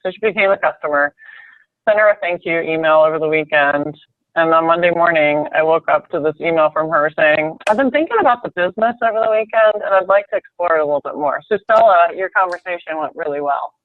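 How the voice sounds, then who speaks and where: A woman's voice: deep voice, fast, no room sound. A woman leading a team conference call, telling a story in a chatty way, with many restarts and fillers. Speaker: sales team leader. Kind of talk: conference call pep talk. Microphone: phone. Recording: tinny dry phone line.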